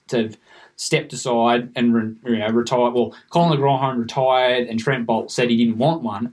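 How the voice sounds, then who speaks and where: A man co-hosting a casual sports podcast, ranting in an emphatic, passionate way. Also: medium pitch. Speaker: podcast co-host. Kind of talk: casual cricket podcast chat.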